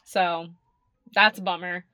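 A woman's voice: lowish voice, level tone, slow, bright, forceful tone, no echo. Chatty young woman podcaster, dry sound. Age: young adult. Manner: chatty, rambling, swears, laughs often. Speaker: podcast co-host. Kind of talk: casual chat.

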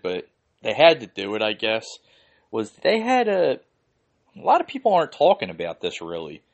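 A man from Philadelphia hosting a podcast, ranting casually and heatedly with lots of swearing and "like" fillers. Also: fairly low pitch. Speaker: podcast host.

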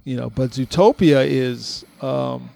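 Gravelly man telling stories. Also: medium pitch, takes it slowly. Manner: animated storyteller, laughs often, swears freely. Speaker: podcast co-host. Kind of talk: casual podcast chat.

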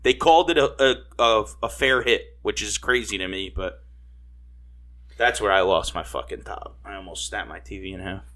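A man's voice: lowish voice, moderate pace, fairly bright tone. A man co-hosting a casual sports podcast, heated and swearing often, restarting his sentences. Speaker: podcast co-host.

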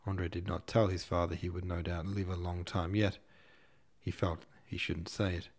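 A man narrating an audiobook in a steady, measured reading style. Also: deep voice. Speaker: audiobook narrator and podcast host.

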